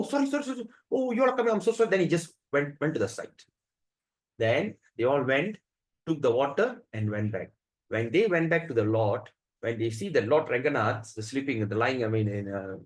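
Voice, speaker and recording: A man teaching a devotional scripture class, telling stories in an animated way, acting out the voices and often restarting his sentences. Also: mid-range voice, poor audio. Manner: animated storyteller who acts out the voices, with frequent restarts. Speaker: spiritual teacher.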